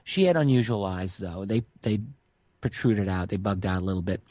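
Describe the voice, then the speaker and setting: A middle-aged man on a radio interview, telling a witness's strange story in a relaxed way with many fillers. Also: deep voice, moderate pace, dry recording. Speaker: guest researcher.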